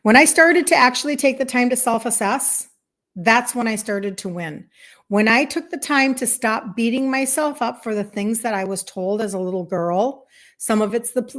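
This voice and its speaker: A health coach in her fifties speaks casually and emphatically to live stream viewers, offering faith-tinged encouragement and acting out inner voices. Her voice is a little high.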